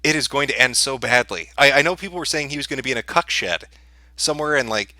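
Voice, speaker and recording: A man's voice: mid-range voice, fast talker, bright, forceful tone, no echo. A man hosting a show, giving crude, profane and mocking commentary in an amused, sneering manner. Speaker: podcast host.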